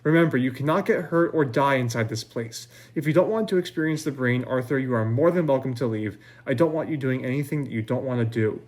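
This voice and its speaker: A man's voice: medium pitch, a little fast, few pauses, darkish tone, natural voice. A man reading the lines of a forthright young woman who insists on feeling everything, in a live book reading. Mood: firm. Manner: firm, insistent.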